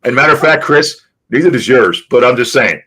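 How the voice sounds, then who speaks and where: A man's voice: medium pitch, expressive, fairly quick, sharp tone, slightly rough. A man from New England in casual conversation, rambling and repeating words as he talks. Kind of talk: casual live-stream chat.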